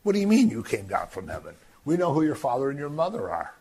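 Guy teaching bible stuff, husky voice, swings his pitch all over. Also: fast talker. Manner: animated, acts out voices of the crowd. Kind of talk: scripture teaching.

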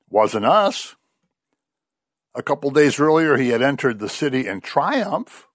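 A man delivers a sermon in a storytelling way, his pitch rising and falling with real animation. The sound is dry and close, with little room around it. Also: no echo. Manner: animated storytelling, voices quoted figures. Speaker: preacher.

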